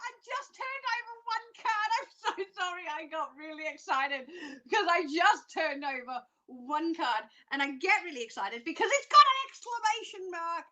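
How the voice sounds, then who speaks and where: A woman psychic doing live card readings, chatty and excitable, laughing often. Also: high-pitched, slight background noise. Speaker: psychic reader.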